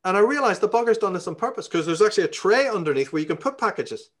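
A man's voice: high-pitched, animated, fast talker. A man from Belfast with a Northern Irish accent, telling a story in a casual interview, profane and heated as he rants. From Belfast, Northern Ireland.

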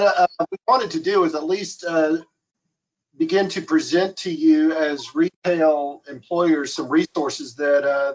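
A man presenting resources during an online webinar, listing them in a steady way. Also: a little high. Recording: lo-fi online call audio.

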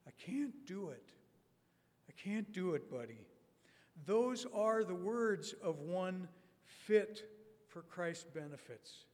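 A man in his sixties giving a prepared conference talk in a measured, wry storytelling manner with deliberate pauses. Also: fairly high pitch. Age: 60s. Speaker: conference speaker. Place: conference hall. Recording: long reverb of a conference hall.

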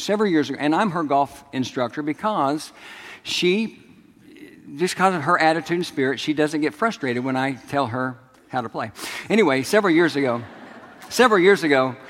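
A middle-aged man preaching a sermon, telling stories and calling on the congregation to respond. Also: on the high side. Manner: storytelling, asks the congregation to respond. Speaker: pastor. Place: large church sanctuary. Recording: long hall reverb.

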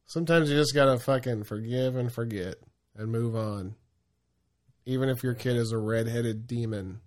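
A man co-hosting a podcast, relaxed and joking, swearing casually. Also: medium pitch, moderate pace. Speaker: podcast co-host.

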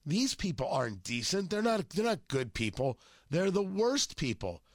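A man's voice: on the high side, sing-song, normal speed, no echo, studio quality. A male talk show host with a cold and a sore throat, delivering an emphatic, mocking political monologue. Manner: emphatic, mocking, punchy phrasing.

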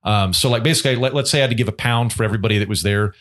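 A man's voice: lowish voice, rapid-fire. A man from Oklahoma, a comedian and podcast host, telling stories in casual, self-deprecating banter. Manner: storytelling, animated and self-deprecating.

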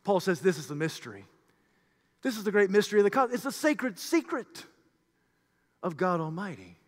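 A man preaching a sermon with passion, swinging from shouted peaks to hushed low passages. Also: very animated, brisk, big-room sound.

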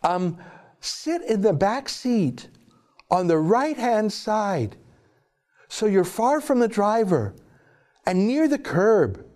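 A man's voice: high-pitched, very animated, slow, long pauses, darkish tone, pitched above the performer's own voice, exaggerated voice. A man voicing a patronizing official who gives safety tips to young women in a mocking, sing-song tone.

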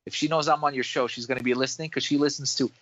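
A man's voice: mid-range voice, steady tone, rapid-fire, a bit bright, muffled recording. A man from New York, a dentist guest on a podcast, telling a rambling story in casual chat with many restarts.

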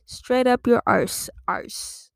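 A woman's voice: mid-range voice, slow pace, clean tone, dry recording, clean studio sound, natural voice. A woman putting on a poor Irish accent to voice a surly man at a bar telling another man off. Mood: rude. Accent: mock Irish, admittedly poor.

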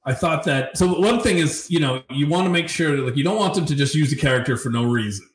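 A man's voice: on the high side, quick pace. A man co-hosting a podcast, chatting casually and making dry, wry remarks. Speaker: podcast co-host. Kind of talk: casual chat. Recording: roomy echo with faint noise.

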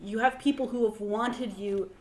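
A woman co-hosting a podcast, animated in casual chat, often bursting into laughter. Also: on the high side, moderate pace, a little hiss or hum. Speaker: podcast co-host.

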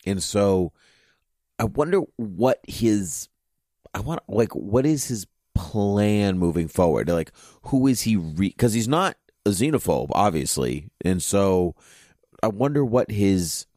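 Very deep-voiced man rambling casually. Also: lively intonation, takes it slowly, dark tone, no echo, clean studio sound. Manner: rambling, heavy on "you know". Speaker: podcast co-host. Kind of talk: casual chat.

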